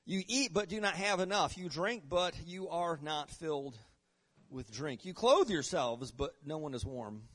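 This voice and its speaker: Male pastor, fairly high voice, preaching in sweeping dynamic swings. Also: lively intonation, measured pace. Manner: preacher with wide swings in pitch and loudness, reading scripture aloud; repeats and restarts words, asks congregation "right?" and "Amen?". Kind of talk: sermon.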